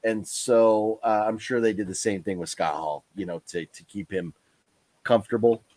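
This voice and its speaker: A man's voice: lowish voice, steady tone, normal speed, a little mellow. A tired man hosting a casual live stream, talking in a rambling way with lots of fillers and restarts. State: tired, yawning.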